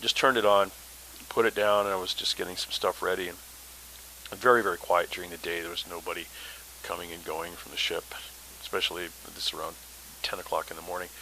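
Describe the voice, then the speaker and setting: A man's voice: deep voice, little pitch movement, fairly quick, gravelly, bright, forceful tone, a little hiss or hum, poor audio. A man hosting a paranormal podcast, telling his story in a casual, rambling way with many fillers.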